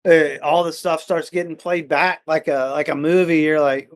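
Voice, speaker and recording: A middle-aged man, a musician guest on a podcast, telling stories in an excited, rambling way full of fillers and restarts. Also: a little high, normal speed. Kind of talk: casual storytelling chat.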